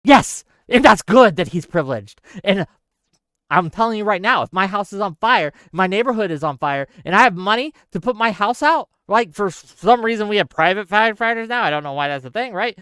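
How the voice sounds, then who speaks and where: A man's voice: high-pitched, lively intonation, brisk, bright, forceful tone, clear, resonant tone, no echo. Male streamer, live chat commentary, heated emphatic rants, very dry close sound. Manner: emphatic, heated ranting with swearing; talks straight to the audience with asides. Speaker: streamer host.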